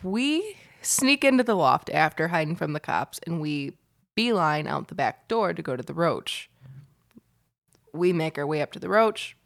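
A woman's voice: deep voice, very animated, moderate pace, creaky. A young woman co-hosting a casual podcast, telling stories with lots of swearing and laughter. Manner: profane, laughing storyteller. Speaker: podcast co-host. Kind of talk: casual chat.

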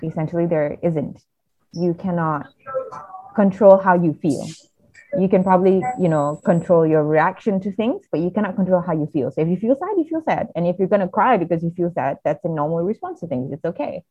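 Lower-voiced woman on a tinny line. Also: brisk, dark tone, no room sound. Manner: earnest and reflective, with frequent restarts. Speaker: podcast guest. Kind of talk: candid personal storytelling. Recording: tinny phone-like sound.

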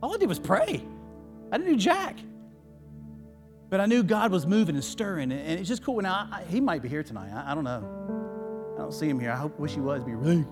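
A man's voice: on the high side, animated, fast, over music. A male pastor preaching a sermon, telling a story in a folksy, emotional way with many restarts. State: tearful. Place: church.

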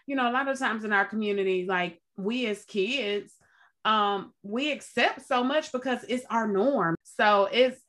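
A woman hosting an interview, chatty, affirming and quick to relate to her guest. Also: mid-range voice, bright, forceful tone. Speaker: podcast host. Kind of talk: supportive interview chat.

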